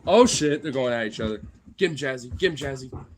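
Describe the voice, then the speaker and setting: A man's voice: medium pitch, lively intonation, brisk, background noise. A man live-streaming casually, laughing, swearing and cheering on his dogs as they play. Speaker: livestreamer.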